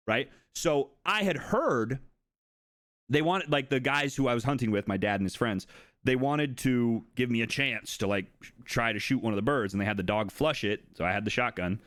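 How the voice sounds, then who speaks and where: Animated man telling a story, dry close sound. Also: no echo. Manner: animated, swears freely, mimics others in a higher voice. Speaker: streamer. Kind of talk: casual storytelling to live chat.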